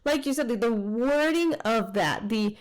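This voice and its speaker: Woman co-host, higher voice, casual book chat, agreeable, keeps saying "interesting". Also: animated, measured pace. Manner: agreeable, often repeats "interesting". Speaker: podcast co-host.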